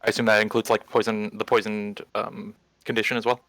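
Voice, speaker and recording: A man's voice: lowish voice, little pitch movement, brisk, fairly bright tone, dry recording. A man playing a tabletop game, talking hesitantly through his turn. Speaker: player.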